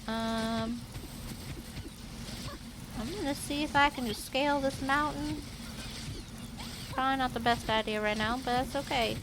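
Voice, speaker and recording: A woman streamer giving casual gameplay commentary, thinking aloud in an unhurried, musing way. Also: sits high, steady tone. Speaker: game streamer. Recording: clear background noise.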